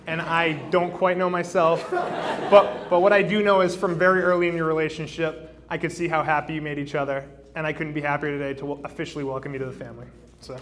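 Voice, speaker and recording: A man's voice: fairly high pitch, little pitch movement, fast. Man giving a joking wedding toast. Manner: joking, self-deprecating, with frequent fillers and restarts. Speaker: best man. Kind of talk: wedding toast to a live crowd. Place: wedding reception. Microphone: handheld microphone. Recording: noisy wedding reception recording.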